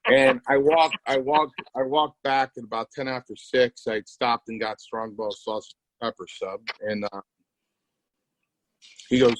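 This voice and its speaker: A man's voice: mid-range voice, lively intonation, measured pace, a bit bright, poor audio. A man co-hosting a podcast, a former wrestler telling rambling stories with restarts and quoted dialogue. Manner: rambling anecdotes with restarts, quoting others. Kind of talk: casual storytelling.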